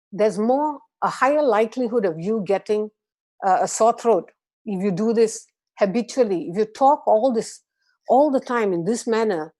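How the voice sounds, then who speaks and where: A woman from Malaysia guiding a group through a gentle voice and breathing exercise, patient and encouraging. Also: medium pitch. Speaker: voice and meditation instructor. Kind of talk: guided voice exercise class.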